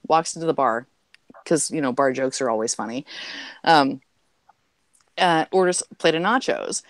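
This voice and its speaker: A woman's voice: deep voice, animated, moderate pace, pauses often, dry recording. A woman on a podcast telling long jokes in casual chat, with lots of fillers and little acted voices. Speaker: podcast guest.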